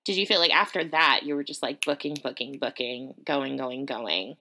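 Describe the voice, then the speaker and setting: Bright giggly woman host. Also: extremely low pitch, normal speed, slight background noise. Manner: giggly, rambling questions with many likes. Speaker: podcast host. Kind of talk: casual interview chat.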